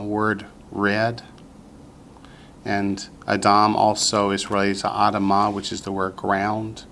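A man teaching a Hebrew vocabulary lesson to a class, patient and slow, repeating each word for the students. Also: fairly low pitch, fairly bright tone, slight background noise.

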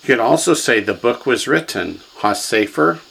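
A man's voice: mid-range voice, lively intonation, moderate pace, vocal fry, a bit bright, a little hiss or hum, low-quality recording. A man teaching a classroom lesson, drilling students with repetition and quiz questions. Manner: drills students, has them repeat words, quizzes them. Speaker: language teacher.

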